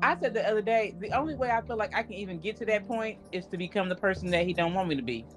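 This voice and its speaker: Animated woman over soft guitar. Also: mid-range voice, fast talker. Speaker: podcast co-host. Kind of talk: casual faith conversation. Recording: guitar music underneath.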